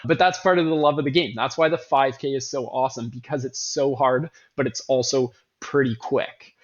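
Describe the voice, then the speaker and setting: A man's voice: mid-range voice, fairly even intonation, normal speed, highs cut off. A man hosting a casual running talk, earnest and emphatic, often repeating words and correcting himself mid-sentence. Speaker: running coach host.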